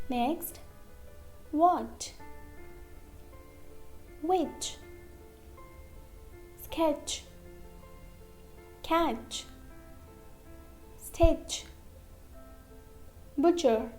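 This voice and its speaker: A woman with a high, mellow voice leads an English pronunciation lesson at a slow, deliberate pace. She says each example word twice and keeps checking in with "okay?". Quiet music plays underneath.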